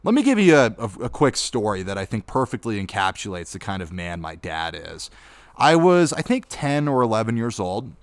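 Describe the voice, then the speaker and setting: A young man hosts a casual viewer Q&A in a lowish, steady voice. He tells stories in a chatty way and gets animated when he retells them. The sound is dry and close, with no room echo. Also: normal speed. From Utah. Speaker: YouTube channel host. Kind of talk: casual Q&A monologue.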